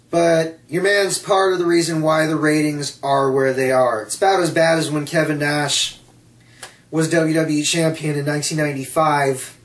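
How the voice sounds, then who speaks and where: A man's voice: a little high, recorded from a distance. A man in a blunt, sarcastic casual rant as a wrestling vlogger. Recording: echoey room, off mic.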